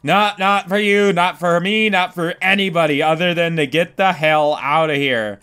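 A young man commentating a video game as he plays, swearing, panicking loudly and laughing at himself. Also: high-pitched, steady tone, normal speed, clear, resonant tone. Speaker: gaming commentator. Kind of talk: let's play commentary. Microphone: desk microphone.

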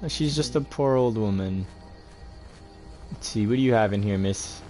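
A man's voice: fairly low pitch, normal speed, a little mellow, soft background music. A young man giving laid-back, chatty gameplay commentary and talking to his viewers. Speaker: gaming host.

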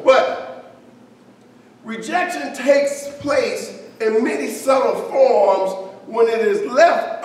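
Slow-preaching man in an echoey hall. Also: very high-pitched. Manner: conversational preaching with asides to the congregation. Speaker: pastor. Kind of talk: sermon. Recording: echoey hall, distant mic, faint hiss.

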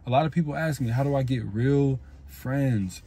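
Young man, husky voice, casual vlog, blunt profane slang. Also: medium pitch, normal speed, dark tone. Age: young adult. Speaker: self-improvement vlogger. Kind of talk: casual advice monologue.

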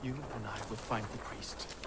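A man's voice: mid-range voice, steady tone, normal speed, heavy background noise, close to an everyday voice. An actor playing a loyal male Viking warrior sworn to his jarl, speaking earnestly in formal, old-style phrasing.

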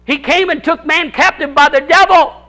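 A man pastor preaching a sermon at a church service, repeating phrases for emphasis and swinging between shouts and hushed tones. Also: extremely high pitch, moderate pace.

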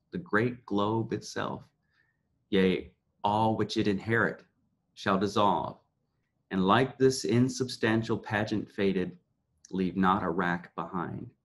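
A man reading aloud as an aging male sorcerer-duke, speaking grave verse in a slow, measured way. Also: fairly low pitch, fairly bright tone, a little hiss or hum.

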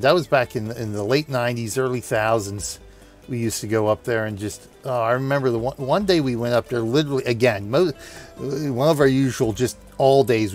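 A man in his forties telling a long, laughing anecdote while playing a game, chatty and full of restarts. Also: medium pitch. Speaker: gaming video host. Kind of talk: rambling anecdote over gameplay.

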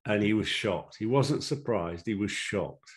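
Brief: man in his 70s, rambling anecdotal guest, low voice. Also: expressive, measured pace. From Sheffield, England. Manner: rambling with fillers, chuckling. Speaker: interview guest, former referee. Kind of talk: anecdotal interview storytelling.

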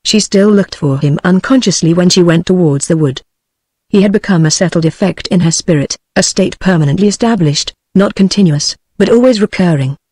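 A text-to-speech voice of a woman with a British English accent, reading a novel aloud in an even, measured way. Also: lowish voice, slightly rough, no room sound, studio quality. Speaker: audiobook narrator.

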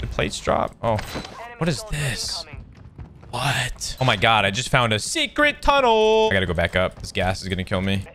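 A man giving excitable, joking gameplay commentary with sarcastic trash talk while playing a shooter game. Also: mid-range voice, moderate pace, noisy background. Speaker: gaming video creator. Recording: loud game gunfire behind voice.

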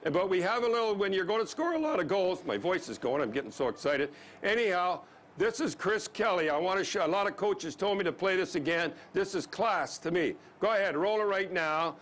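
Brief: male hockey host, high-pitched, blunt, excitable, argumentative. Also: fairly quick. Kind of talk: sports talk banter.

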